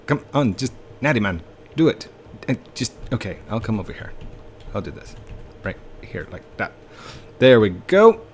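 A man's voice: lowish voice, sing-song, normal speed, pauses often, a little hiss or hum. A young man streaming a game live, playful and joking with friends. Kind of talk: casual gameplay live stream.

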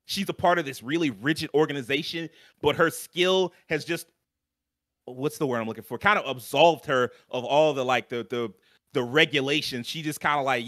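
Bright-voiced man in animated podcast chat. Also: on the high side, no room sound. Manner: animated, swears freely, frequent fillers. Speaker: podcast co-host. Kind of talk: casual chat.

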